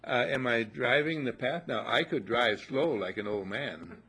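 A man's voice: mid-range voice, unhurried, sharp tone, slightly rough. An older man telling folksy stories in a casual motivational talk, repeating upbeat affirmations. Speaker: motivational speaker.

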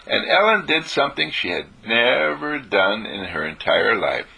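A man giving an informal spiritual talk, telling stories and repeating phrases for emphasis, clearing his throat now and then. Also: on the low side, big pitch swings, measured pace, pushed and bright.

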